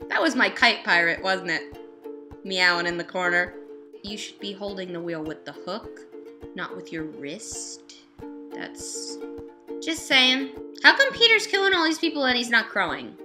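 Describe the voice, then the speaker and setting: A woman's voice: medium pitch, sing-song, unhurried, music in the background. A woman giving a casual review vlog, chatty and talking back to the characters with mock scolding. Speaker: vlogger reviewing a TV musical.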